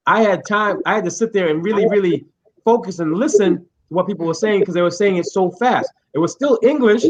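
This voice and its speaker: Measured man on a dull line. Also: high-pitched. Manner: measured, deliberate speech. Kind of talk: casual panel discussion.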